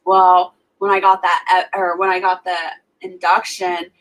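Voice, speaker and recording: A young woman co-hosts a livestream, casually chatting and telling personal stories packed with "like" fillers. Her voice is lowish, monotone, and a bit bright, and she speaks unhurriedly. The recording quality is low.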